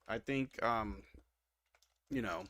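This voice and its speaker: A man's voice: on the low side, slow, no room sound. A man hosting a live stream watch-along, calling plays casually, reading stats and answering chat, a little sleepy and yawning. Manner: relaxed, reads stats and replies to chat. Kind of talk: casual play-by-play commentary with chat.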